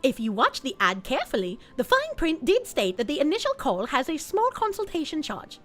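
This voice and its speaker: Figure: a woman doing a chirpy, corporate service agent, very high and sing-song. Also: huge pitch swings, fairly quick, a bit bright, soft background music, full character voice. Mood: polite. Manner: polite, scripted, corporate. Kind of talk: game character voicing.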